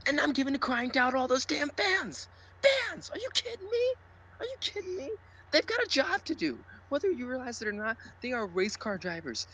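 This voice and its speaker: A man rants on a casual sports podcast, sarcastic and swearing freely. His voice is bright and swings widely in pitch. There is a husky edge to it. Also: very animated, fairly quick. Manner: loud, profane, sarcastic ranting. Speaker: podcast co-host.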